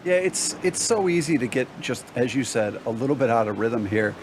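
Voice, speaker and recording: A man giving relaxed, explanatory color commentary on a sim race, breaking down passes and racing lines. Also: mid-range voice, moderate pace. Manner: relaxed, explanatory analysis with fillers. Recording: noticeable background noise.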